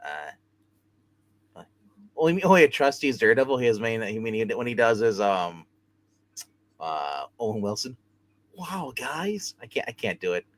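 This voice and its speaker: Animated man chatting on a livestream. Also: medium pitch, normal speed. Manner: animated, rambling, laughs often. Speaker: comic book livestream host. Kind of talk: casual chat. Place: his own room at home.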